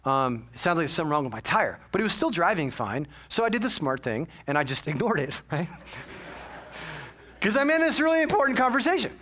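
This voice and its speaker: A male pastor telling a story from the pulpit with a high, bright voice. He talks in a chatty, self-mocking way and adds many small asides to the congregation. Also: big pitch swings, a little fast. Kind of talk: casual storytelling sermon.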